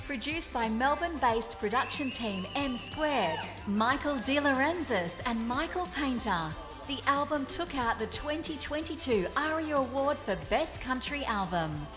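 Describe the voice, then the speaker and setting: A woman announcer with a slightly high voice, reading award nominees in a crisp, formal script. Loud music runs right under her voice-over the whole time. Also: lively intonation, a little slow, few pauses. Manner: crisp, formal listing delivery.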